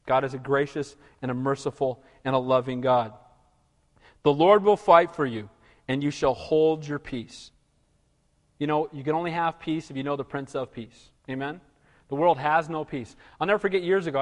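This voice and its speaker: A man preaching a sermon in a conversational style, asking the room rhetorical questions and calling for amens. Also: on the high side. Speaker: pastor. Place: church hall. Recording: long reverb in a large room.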